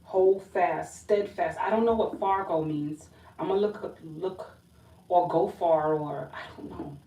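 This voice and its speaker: A woman's voice: on the low side, fairly even intonation, measured pace, mellow. A woman giving a casual tarot reading, uneasy and feeling weak, often breaking off and restarting. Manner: emotional, uneasy, talks to spirit and viewers, restarts often. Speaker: tarot reader. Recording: roomy echo from a distance with background noise.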